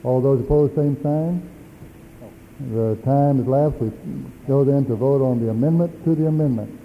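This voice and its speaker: A man moderating a church assembly, giving procedural rulings in a measured way. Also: mid-range voice, a little hiss or hum. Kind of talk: parliamentary chairing. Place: large assembly hall. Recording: dull lo-fi archival recording.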